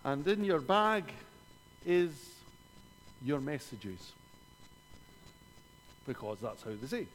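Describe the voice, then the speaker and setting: A man's voice: on the high side, sing-song, takes it slowly, pauses often, big-room sound. A man with a Scottish accent preaching a sermon, telling a personal story with dry humor and rhetorical questions. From Scotland.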